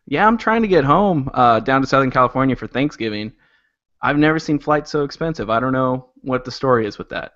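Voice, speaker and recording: Male co-host, relaxed chatter, dull lo-fi recording. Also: medium pitch, brisk. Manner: easygoing, laughs often. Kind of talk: casual chat.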